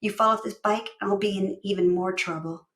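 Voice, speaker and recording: A woman doing a gruff teenage big brother. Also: medium pitch, a little fast, reverberant, natural voice. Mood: gruff, dry. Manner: grumbling, dry, flat.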